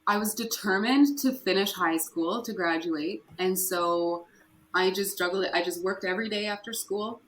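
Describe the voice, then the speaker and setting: A woman's voice: mid-range voice, normal speed, fairly bright tone, poor audio. A woman from Canada, a podcast guest, candidly retelling hard personal memories in an earnest, conversational way. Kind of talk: personal storytelling interview.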